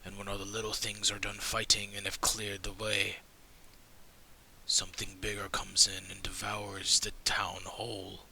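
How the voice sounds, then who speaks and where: A game master voicing a grave, secretive man from a dwindling hunters' order in a hushed, half-whispered tone. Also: on the low side, monotone, normal speed, slight background noise, pitched below the performer's own voice, low-quality recording.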